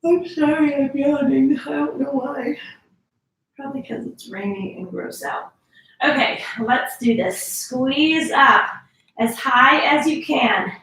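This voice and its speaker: A woman's voice: sits high, slow, sharp tone, heavy reverb, far from the mic, a little hiss or hum, rough recording. A woman fitness instructor talking viewers through a workout, counting reps and urging them to squeeze harder.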